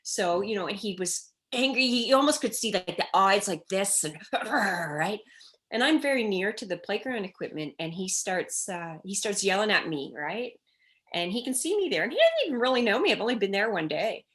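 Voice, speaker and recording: Woman, middle-aged, conversational interview, animated storyteller, mid pitch. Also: normal speed. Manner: animated storytelling, acting out children's cries in quotes. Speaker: child development expert guest.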